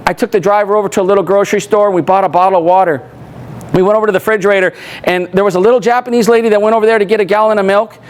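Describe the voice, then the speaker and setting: A man's voice: sits high, racing, clear, resonant tone. A man giving a workshop talk to roadside service staff, telling stories and acting out what people said, often asking "right?". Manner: animated, acts out quoted voices, asks "right?" often. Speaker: workshop trainer. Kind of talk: storytelling training talk.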